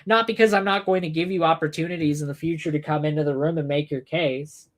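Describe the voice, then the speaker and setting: Woman ranting angrily, low-pitched and profane. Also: steady tone, fast. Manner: angry, profane, sarcastic, addressing commenters by name. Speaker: livestream host answering chat. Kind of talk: heated political rant.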